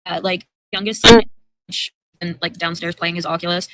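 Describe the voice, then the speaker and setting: A woman's voice: on the low side, steady tone, normal speed, heavy background noise. A middle-aged woman chatting on a livestream in a blunt, rambling way, swearing constantly. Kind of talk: casual chat. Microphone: home computer mic on a video call.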